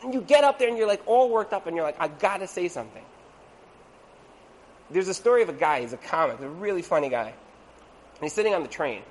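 A man giving a storytelling talk to an audience as a religious teacher, conversational and animated, acting out the people in his stories. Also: high-pitched, brisk, long pauses, slight background noise, poor audio. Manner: conversational, with frequent "like" and asides.

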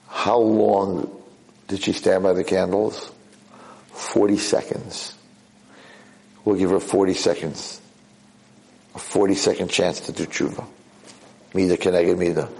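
A man giving a lecture as a lively story, repeating himself and jumping sharply higher in pitch for emphasis. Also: moderate pace, gravelly, long pauses, low-quality recording. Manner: animated, leaps high in pitch for emphasis. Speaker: Jewish lecturer.

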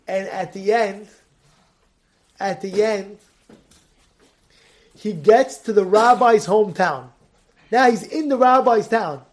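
A man gives a Torah lesson as a lively story. His voice sits high. He puts on the voices of the people in the tale and moves from near-shouts to quiet asides. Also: a little slow, long pauses. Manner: animated, acts out the story's voices, swings from loud to hushed. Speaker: rabbi.

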